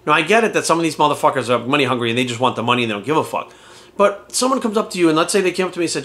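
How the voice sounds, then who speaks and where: Fast-talking blunt male fitness coach. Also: fairly high pitch, lively intonation, fairly bright tone. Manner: blunt, heavy swearing, rhetorical questions. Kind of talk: profane casual vlog rant.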